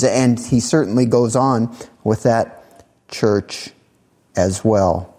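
A man preaching a sermon, emphatic, with slow drawn-out phrases and sudden rises for emphasis. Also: medium pitch, dark tone. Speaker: pastor.

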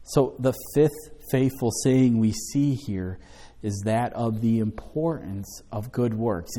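A man's voice: fairly low pitch, dark tone. A man teaching a Bible study, emphatic, stressing and repeating key words and asking rhetorical questions. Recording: long hall reverb.

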